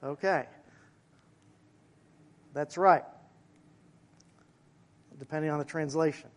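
Preaching in a slightly high voice, a male pastor keeps his sermon conversational, breaking off with asides to the congregation and slowing down whenever he stresses a key phrase.

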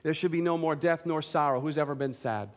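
Guy preaching, kinda high voice, earnest, keeps asking the room stuff. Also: brisk. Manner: earnest, questions the congregation, jokes in between. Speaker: pastor. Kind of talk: sermon.

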